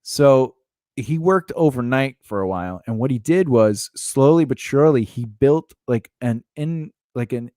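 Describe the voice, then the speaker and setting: A man tells a story on a casual podcast, his pitch rising and falling as he acts out every quoted line. He laughs as he goes. The sound is dry and close. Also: a little slow, dry recording. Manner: animated storyteller acting out quoted dialogue; laughs often mid-story. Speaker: podcast co-host. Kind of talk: casual chat.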